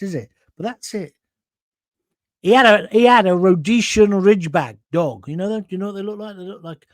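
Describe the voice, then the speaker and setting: Give me an older host telling stories casually, a slightly high voice, dry close sound. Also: male voice, no room sound. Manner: chatty and anecdotal, often asks "right?". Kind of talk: casual storytelling on a live show.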